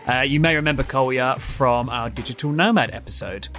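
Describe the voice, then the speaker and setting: A man's voice: medium pitch, fairly quick, a bit bright, soft background music. A man hosting a travel show, presenting in a chatty, jokey way. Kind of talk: casual presenting.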